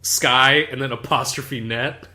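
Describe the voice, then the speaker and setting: A man's voice: mid-range voice, takes it slowly. A man co-hosting a podcast in casual chat, telling stories with lots of laughing and swearing. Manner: animated storytelling, laughing, swearing. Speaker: podcast co-host.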